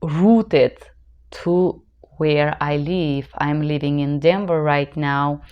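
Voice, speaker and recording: A woman speaks English with a noticeable foreign accent, her voice low and smooth. She talks slowly and deliberately, giving earnest, emphatic advice as a working interpreter. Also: fairly even intonation, muffled recording. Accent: non-native English. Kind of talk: advice vlog.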